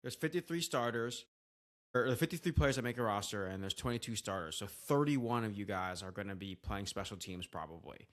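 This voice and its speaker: A man's voice: lowish voice, animated, fairly quick, a bit bright. A man co-hosting a podcast, talking in a thoughtful, rambling, slightly hesitant way. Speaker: podcast co-host. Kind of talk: casual podcast chat.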